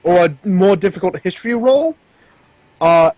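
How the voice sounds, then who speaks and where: A man's voice: high voice, expressive, normal speed, a little mellow, no echo, poor audio. A man running a tabletop game as game master, chatting casually and hesitantly with many ums and restarts.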